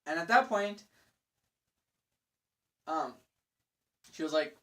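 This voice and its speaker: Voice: mid-range voice, expressive, a little slow, long pauses, fairly bright tone. A young adult vlogger telling an exasperated story in a casual rant, swearing freely and using lots of fillers. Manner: profane, exasperated ranting with fillers.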